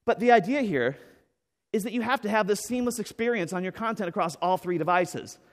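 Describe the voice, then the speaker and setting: A man with a fairly high voice delivers an energetic keynote from a conference stage. He jokes, leans on "right?" and tumbles through restarts as he gets excited. The sound carries the long echo of a large hall. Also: fairly quick. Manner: animated, enthusiastic, jokey with frequent "right?" and fillers. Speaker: conference speaker. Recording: echoey hall with long reverb.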